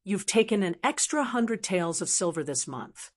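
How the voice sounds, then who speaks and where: A woman's voice: mid-range voice, very animated, moderate pace. A woman voicing a composed young noblewoman who speaks lightly and coolly. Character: young noblewoman, calm, sharp-tongued clan leader.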